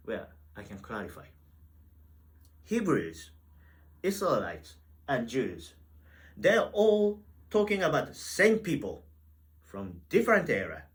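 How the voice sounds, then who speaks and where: A man teaching a Bible lesson in church, animated and full of rhetorical questions. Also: medium pitch, measured pace, poor audio. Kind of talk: teaching sermon. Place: Wales.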